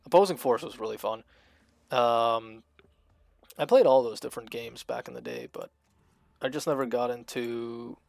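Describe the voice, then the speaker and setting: A man streams a strategy game and talks through every move in a loose, rambling way, full of fillers and restarts. His voice has a gravelly edge, and it sounds close and dry with no room around it. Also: mid-range voice, sing-song, normal speed, darkish tone, dry recording. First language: Russian. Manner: chatty, thinks aloud, frequent fillers. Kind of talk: casual gameplay commentary.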